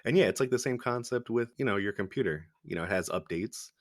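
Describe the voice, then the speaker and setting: A man's voice: lowish voice, expressive, fast talker, no room sound. A man co-hosting a podcast, chatting casually about movies, laid-back, swearing and laughing often. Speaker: podcast co-host.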